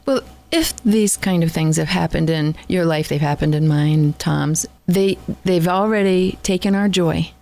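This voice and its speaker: A woman co-host with a lower-pitched voice speaks in a measured, encouraging way. She recalls earlier conversations and reflects with the guest. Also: gravelly, mellow. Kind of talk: conversational interview.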